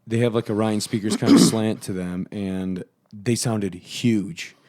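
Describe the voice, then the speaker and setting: Male podcast co-host, low and mellow, chatty and joking. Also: steady tone, unhurried, no echo. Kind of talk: casual chat.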